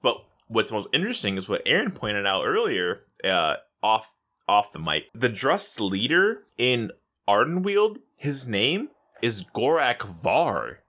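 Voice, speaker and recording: Excitable man, lively bright voice. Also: on the low side, a little slow. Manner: excitable, swears freely, laughs often. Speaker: podcast co-host. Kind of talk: casual gaming podcast chat.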